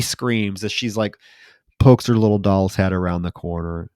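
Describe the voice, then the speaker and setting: A man's voice: sits low, normal speed, a little mellow, no room sound. A man co-hosting a podcast, casually recapping a film and acting out its lines with lots of fillers. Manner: retells scenes acting out lines, filler-heavy. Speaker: podcast co-host. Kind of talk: casual movie recap chat.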